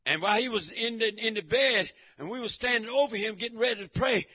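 A man giving a preaching testimony in church, emphatic and repetitive, breaking into shouts. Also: high-pitched, quick pace. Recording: dull lo-fi recording.

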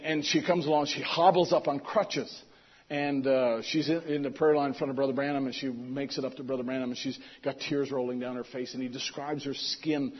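A male preacher telling a story in a sermon, swinging between loud emphasis and hushed asides. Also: mid-range voice, husky, lo-fi sound.

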